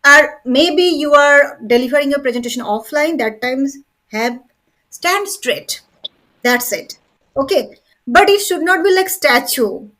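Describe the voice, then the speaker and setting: A woman teaches English over a video call, her voice high. She drills each word over and over, stressing syllables with firm emphasis. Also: lively intonation, normal speed, a bit bright, rough recording. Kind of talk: online English lesson. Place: seated indoors at home desk. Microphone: online video call.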